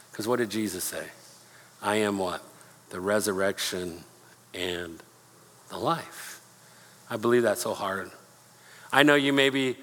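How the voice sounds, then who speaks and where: A man preaching a sermon, earnest and repeating himself, slowing down to read scripture aloud. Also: mid-range voice, pushed and bright. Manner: earnest, repeats words, slows for scripture reading. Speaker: pastor. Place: church sanctuary. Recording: long hall reverb.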